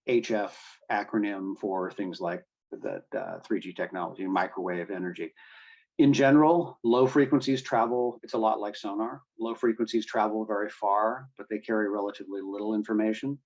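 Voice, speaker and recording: Guy on a video call explaining radios, lots of ums, kinda muffled lo-fi sound. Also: lowish voice. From United States. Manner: explanatory, many fillers and restarts. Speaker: guest speaker on marine radio. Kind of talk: presentation to a boating club.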